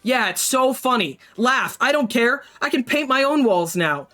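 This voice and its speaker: A woman's voice: sits high, lively intonation, moderate pace, pushed and bright, soft background music, voice pushed up. A woman voicing a flustered young woman artist in a game, stammering as she defends herself. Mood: defensive.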